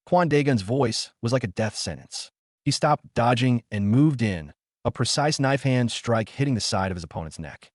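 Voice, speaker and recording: A man's voice: mid-range voice, animated, normal speed, no room sound, studio quality. A man narrating a webcomic recap in a punchy, hype-driven style.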